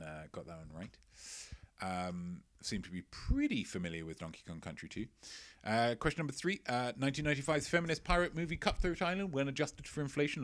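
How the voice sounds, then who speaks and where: A male quiz host reading out answers on a casual live stream. He is playful and chatty, with a mid-range voice, and likes to repeat his own lines for effect. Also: medium pitch. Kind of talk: casual livestream quiz hosting.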